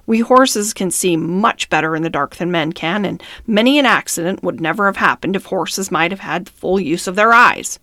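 A woman's voice: fairly low pitch, normal speed, few pauses, pushed and bright, no echo, studio quality. A woman voicing a fiery old male horse in a storybook reading, speaking indignantly. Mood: grave. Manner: indignant, protesting.

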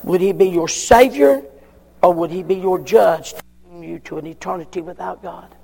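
A man preaching a sermon, emphatic, repeating his questions with long pauses. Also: high-pitched, vocal fry, darkish tone, big-room sound. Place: church.

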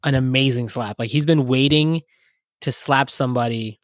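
A man's voice: medium pitch, normal speed, no echo, clean studio sound. Joking man on a casual podcast. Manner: joking, animated. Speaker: podcast co-host. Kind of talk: casual chat.

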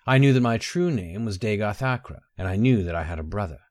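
A secretive, devoted young woman, as a male narrator puts her on, soft and coaxing in an intimate tone. Her lines carry a lifting, lively melody. The read sounds close and dry. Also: fairly low pitch, fairly quick, no room sound, close to an everyday voice. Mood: intent.

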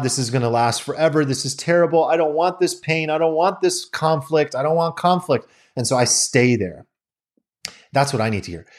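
Male podcast host, lively pitch, candid conversational delivery with casual swearing. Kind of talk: casual explanatory monologue.

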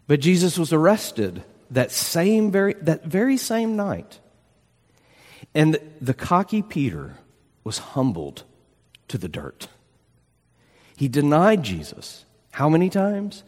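Male pastor, emphatic sermon delivery, expressive pitch, reverberant hall sound. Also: slow pace, pauses often. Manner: animated, emphatic preaching with rhetorical questions.

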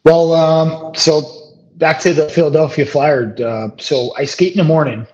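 A middle-aged man, a former hockey player, telling stories as an interview guest, relaxed and rambling with many fillers and restarts. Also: fairly high pitch, measured pace. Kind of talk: casual storytelling interview. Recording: dull lo-fi audio.

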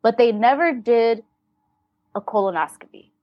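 Woman, fairly high voice, candid and blunt, halting restarts, dry close sound. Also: dry recording, lo-fi sound. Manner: candid, blunt, swears freely; halting with restarts, speaks from the heart. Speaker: podcast guest. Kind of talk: emotional personal storytelling.

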